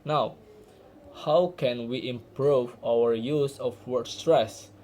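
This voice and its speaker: A man's voice: medium pitch, slow pace, dark tone, a little hiss or hum, low-quality recording. A young man, a university student from Indonesia, giving an earnest class presentation with small restarts. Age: young adult.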